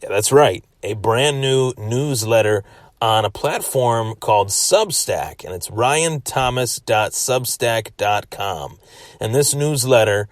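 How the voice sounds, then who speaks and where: A man's voice: mid-range voice, lively intonation, takes it slowly, dry recording, studio quality. A man hosting a solo sports podcast, giving a chatty recap that often repeats and restarts phrases. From Western New York.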